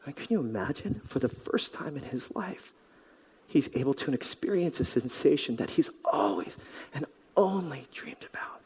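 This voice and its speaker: A pastor telling a scripture story in a sermon, dramatic and dropping to a whisper at times. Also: male voice, mid-range voice, sing-song, normal speed, a little mellow, breathy edge. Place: church sanctuary. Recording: reverberant church hall.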